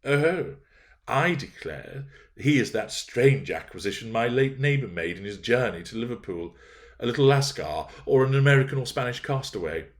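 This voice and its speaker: A man voices a pompous, self-important elderly squire and magistrate in a blustering mood. His mid-range voice is expressive and moderately paced, pitched above his own natural voice yet still close to an everyday one.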